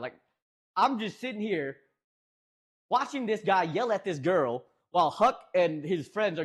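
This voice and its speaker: A man's voice: sits high, normal speed, slightly rough. Rambling man telling a wild story. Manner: rambling, animated anecdote with many restarts and fillers. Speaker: streamer. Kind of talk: casual storytelling to stream.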